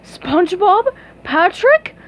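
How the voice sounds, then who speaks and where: A woman voicing an eager young cartoon sponge boy in a shrill, excited way. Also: slow pace, slight background noise, heavily acted.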